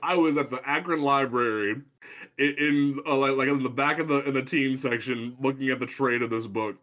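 A man's voice: mid-range voice, steady tone, normal speed, a bit bright. Rambling man on a dull lo-fi mic. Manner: rambling, quotes lines in put-on voices. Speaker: podcast co-host. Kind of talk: casual comic-book chat. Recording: dull lo-fi sound.

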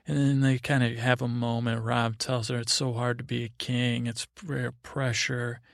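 A man hosting a sleep podcast, giving a meandering, low-key recap of a show. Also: flat delivery, normal speed, vocal fry, hardly any pauses, no echo, studio quality. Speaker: podcast host. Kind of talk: drowsy rambling recap for sleep.

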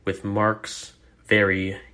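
A man's voice: lowish voice, monotone, drawn-out words, pushed and bright. A man hosting a solo podcast, talking in an earnest, encouraging and wry way. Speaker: podcast host. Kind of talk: casual solo podcast commentary.

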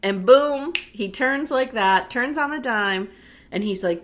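A woman co-hosting a casual chat, retelling a movie with lively acted-out voices and frequent swearing. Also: on the high side, measured pace. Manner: animated storyteller acting out movie scenes, swears freely. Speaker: podcast co-host.

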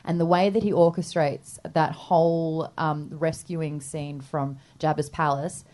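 A woman, a podcast guest, chatting casually and excitably, laughing often and breaking into loud cries. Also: sits low, unhurried. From Australia. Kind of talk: casual chat.

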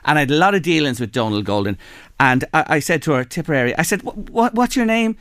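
A man's voice: on the high side, fast, dry recording. Chatty Irish man hosting radio. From Ireland. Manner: chatty storyteller, animated. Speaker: radio host. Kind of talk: casual radio chat.

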